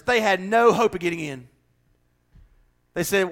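Fiery preacher with a bright voice. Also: male voice, extremely high pitch, lively intonation, normal speed, gravelly, pauses often. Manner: passionate, building to shouts, laughing asides. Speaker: pastor. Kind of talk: sermon.

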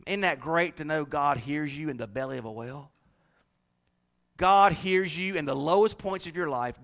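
High, bright-voiced preacher man. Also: moderate pace, creaky. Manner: emphatic preaching, swinging between shouted refrains and hushed low passages. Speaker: pastor. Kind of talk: sermon.

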